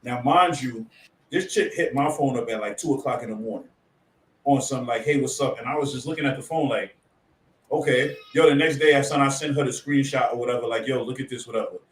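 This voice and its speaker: A man co-hosting a radio talk show, telling a relaxed anecdote in casual chat and quoting people as he goes. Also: medium pitch, fast talker, distant mic. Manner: relaxed storyteller, quotes people. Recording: roomy sound, off-mic.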